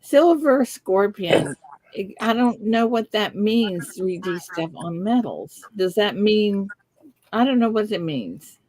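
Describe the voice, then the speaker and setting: A woman's voice: mid-range voice, sing-song, slow pace, darkish tone. A woman hosting a live stream, chatting casually and laughing at herself. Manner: chatty, self-deprecating, unsure. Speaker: host.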